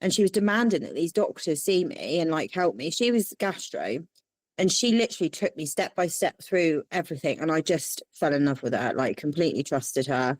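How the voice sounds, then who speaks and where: A woman's voice: deep voice, a little fast, dry recording. A young woman, telling her story as an interview guest and acting out the voices of the people in it. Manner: animated, quotes people in lively voices. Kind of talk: candid storytelling.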